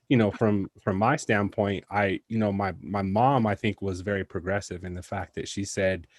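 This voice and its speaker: A man guest on a podcast over a video call, relaxed and measured, with many "you know" fillers. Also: low voice, dry recording. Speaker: podcast guest, communications professional. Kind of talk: casual conversational podcast chat. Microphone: video call mic.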